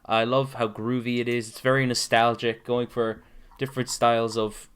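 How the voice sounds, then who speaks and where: A man's voice: medium pitch, flat delivery, moderate pace, a bit bright, clear, resonant tone. A young man co-hosting a casual podcast chat, laughing easily and admitting he stutters a lot. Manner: laughing, self-aware about stuttering. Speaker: podcast co-host.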